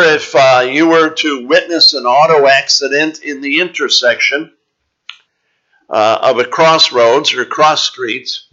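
A man preaching a Bible teaching sermon in a measured, explanatory way, pausing often with "uh". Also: medium pitch, bright, forceful tone, dull audio. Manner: measured, explanatory, with frequent "uh" pauses.

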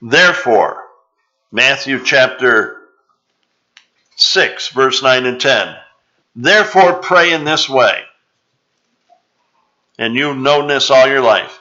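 Slow, bright-voiced male preacher. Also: mid-range voice, expressive. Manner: slow, deliberate preaching with drawn-out scripture reading. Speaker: pastor. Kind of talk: sermon. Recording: dull, slightly lo-fi sound.

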